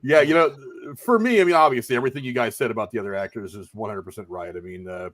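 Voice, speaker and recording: A man's voice: lowish voice, a bit bright. A man hosting a casual movie review chat, enthusiastic and handing the turn to the others. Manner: quick, enthusiastic, hands turns to guests. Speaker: podcast host.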